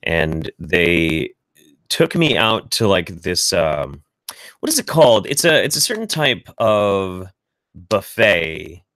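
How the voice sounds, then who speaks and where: A man's voice: low-pitched, big pitch swings, takes it slowly, a bit bright, dry recording. An American man hosting a casual streamed chat, rambling loosely and swearing freely, with lots of restarts. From United States. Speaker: host.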